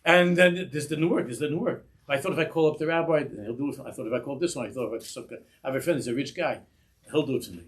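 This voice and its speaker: A middle-aged rabbi with a mid-range voice teaches an animated Torah class at a rapid-fire pace, acting out little dialogues and sprinkling in Yiddish and Hebrew words.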